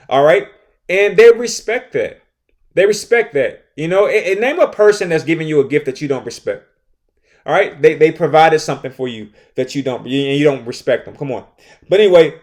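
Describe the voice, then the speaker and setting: A man's voice: on the high side, lively intonation, a little fast. A man with a slightly raised voice talks through his classroom advice on a podcast. He hammers points home by repeating them and keeps asking "all right?" to keep the listener with him. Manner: acts out his own classroom lines. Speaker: teacher hosting a podcast.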